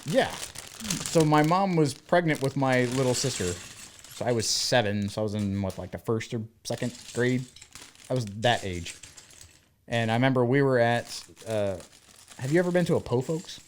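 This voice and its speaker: A man in his thirties, from the American South, chats casually as a podcast co-host. His voice sits at an ordinary middle pitch. He tells stories with energy and acts out what each person said. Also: normal speed, a little hiss or hum. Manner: animated storyteller who acts out quoted dialogue. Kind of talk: casual chat.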